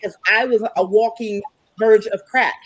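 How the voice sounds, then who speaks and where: A woman reflecting in a measured way in a casual conversation. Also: mid-range voice, fairly even intonation, no echo, poor audio. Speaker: guest. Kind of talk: casual chat.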